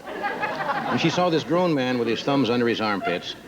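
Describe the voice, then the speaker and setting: A man's voice: medium pitch, normal speed, dull audio, crowd noise. A male talk show host chatting with a guest and telling wry stories in a TV studio. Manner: lively, wry storyteller. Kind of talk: casual chat. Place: TV studio with live audience. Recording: studio audience and room noise audible.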